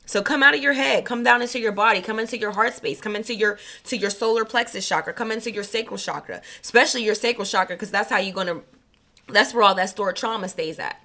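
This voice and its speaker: Bright-voiced chatty woman tarot reader. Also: medium pitch, fast talker. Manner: chatty, slangy, laughs easily. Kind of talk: casual spiritual reading.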